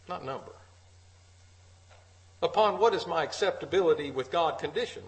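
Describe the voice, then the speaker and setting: A man's voice: a little high, poor audio. A man preaching an earnest sermon at a church meeting, repeating key phrases for emphasis.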